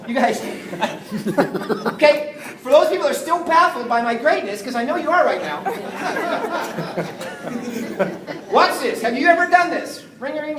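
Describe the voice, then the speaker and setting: A man giving an energetic, jokey sales training talk to a live group, often acting out phone calls. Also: extremely high pitch, measured pace, distant mic, crowd noise. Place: meeting room with an audience. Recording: echoey room, voice from afar, faint noise.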